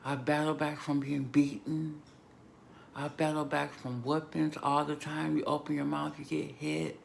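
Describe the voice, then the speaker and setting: A woman vlogger giving an emotional, emphatic personal testimony, moving between hushed and loud moments. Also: deep voice, level tone, unhurried, gravelly, slight background noise. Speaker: vlogger sharing a personal story.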